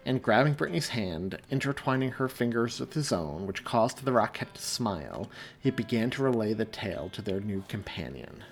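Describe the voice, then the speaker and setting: In a measured, expressive audiobook style, a man with a fairly low voice reads his own story aloud. Faint music plays underneath the narration.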